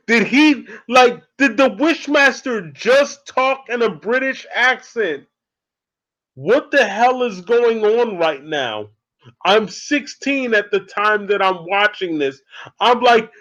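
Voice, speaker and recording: A man in his thirties casually recapping a horror movie as an excitable, laughing storyteller, in a dull lo-fi recording. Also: high voice, slow pace. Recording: dull lo-fi audio.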